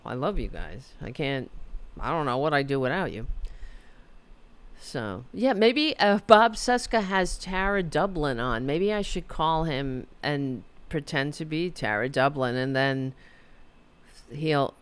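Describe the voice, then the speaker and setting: A rumbling low voice, clear and resonant, swings widely in pitch and moves a little slowly. The middle-aged woman hosts her talk show from home, rambling self-deprecatingly and reading viewers' chat aloud.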